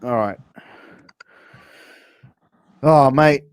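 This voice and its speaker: A man's voice: medium pitch, normal speed, a little mellow, dry recording, studio quality. Playful Australian man quizzing on slang. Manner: playful, drops into slangy catchphrases. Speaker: interview host. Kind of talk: casual interview, quizzing on slang.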